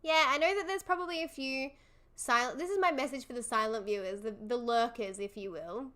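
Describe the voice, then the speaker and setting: A woman's voice: on the high side, fairly quick, sharp tone. A young woman hosting a livestream, chatting casually with viewers in an effusive, encouraging way and laughing often. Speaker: livestream host. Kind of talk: casual live chat with viewers.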